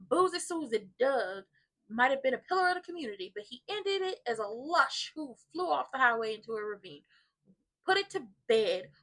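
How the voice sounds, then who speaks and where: High-pitched woman doing a sassy soap recap, over the top and dramatic, fake crying for laughs. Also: very animated, normal speed, a bit bright. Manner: dramatic and sassy, mock crying and playful exaggeration. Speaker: soap opera recap vlogger. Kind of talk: comedic TV recap commentary.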